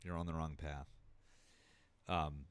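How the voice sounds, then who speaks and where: A man hosting a politics live stream in casual chat, halting with many fillers and restarts and swearing freely. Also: a bass voice, level tone, smooth.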